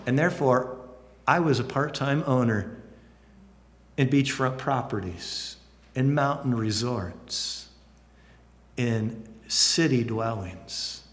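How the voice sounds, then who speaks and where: A man preaching a sermon, lively and expressive, acting out excited voices now and then. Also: slow, pauses often. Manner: animated, acts out excited voices with big pitch jumps. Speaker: pastor. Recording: long hall reverb.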